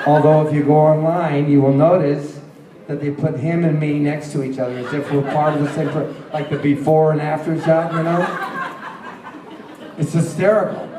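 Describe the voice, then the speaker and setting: A male guest at a convention panel tells chatty stories during a Q&A, the crowd laughing often. His voice is fairly high with fairly even intonation at normal speed, picked up from a distance in a roomy hall.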